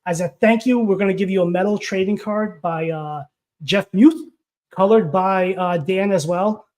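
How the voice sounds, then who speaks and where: High-voiced excitable man co-hosting. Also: normal speed. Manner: excited, rambling, lots of fillers. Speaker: co-host. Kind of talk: casual chat.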